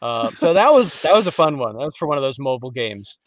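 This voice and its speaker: A man from Detroit, a voice actor guest on a podcast, telling lively stories in casual chat and slipping into quick voices. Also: mid-range voice, slight background noise. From Detroit, Michigan. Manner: animated storyteller, slips into quick voices.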